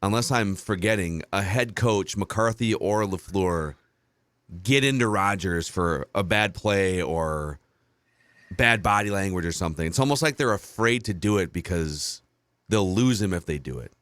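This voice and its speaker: Man, 30s, podcast host, thoughtful hedging, low voice, dry close sound. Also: expressive, measured pace, a bit bright, dry recording. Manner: thoughtful, hedging with many restarts. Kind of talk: casual sports talk.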